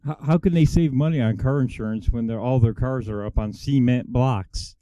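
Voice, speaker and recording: A man's voice: mid-range voice, normal speed, dark tone, no echo. A man chatting on a live-stream show, making wisecracks. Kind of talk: casual live-stream chat. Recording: dull lo-fi stream audio.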